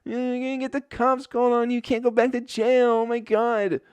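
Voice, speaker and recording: A man voicing a fussy female hen in a high, squawky put-on voice. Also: flat delivery, normal speed, clean tone, dry recording, dull audio. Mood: exasperated.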